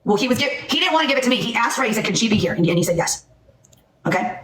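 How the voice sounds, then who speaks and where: A woman's voice: on the high side, very animated, racing, a bit bright, reverberant, distant mic, slight background noise. A woman hosting a heated livestream, angry and upset, blunt and repeating herself for emphasis. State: upset and shaking. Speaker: livestream host.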